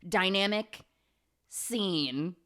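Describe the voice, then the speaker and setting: A woman's voice: mid-range voice, very slow, a bit bright. A young woman vlogger recapping a movie from memory in a casual, gossipy, sarcastic way, full of swearing.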